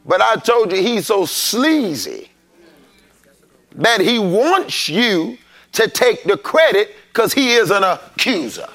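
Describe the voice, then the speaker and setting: A man preaching a sermon, calling out to the congregation and rising into shouts. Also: high voice, sing-song, slow pace. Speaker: pastor. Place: church sanctuary.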